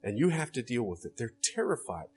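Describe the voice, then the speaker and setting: A man's voice: mid-range voice, very animated, fairly quick. A man preaching a sermon as a pastor, earnest and direct, often putting rhetorical questions to his listeners.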